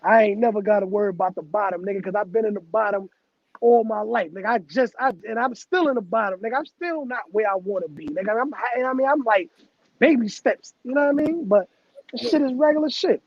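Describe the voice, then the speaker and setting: Host, male, very high pitch, loose profane banter, dull dry recording. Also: brisk, no room sound. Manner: loose, profane street talk, laughs often. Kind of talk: casual chat.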